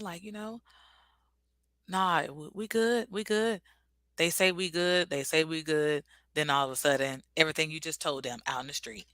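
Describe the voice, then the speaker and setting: A woman's voice: low-pitched, pushed and bright, no room sound. A woman vlogger giving a casual, earnest and reflective motivational talk.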